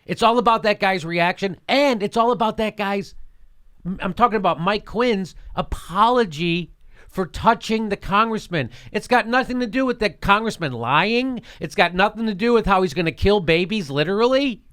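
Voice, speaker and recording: A man's voice: high voice, expressive, normal speed, fairly bright tone, clear, resonant tone. A man hosting a show, giving heated political commentary, indignant and sarcastic, repeating his points with profanity. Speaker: host.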